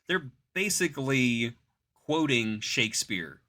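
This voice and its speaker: A man hosting a podcast, chatting casually and jokily as he recaps a cartoon, dropping into quick voices for the characters. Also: mid-range voice. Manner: animated, jokey, puts on quick voices for characters. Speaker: podcast host.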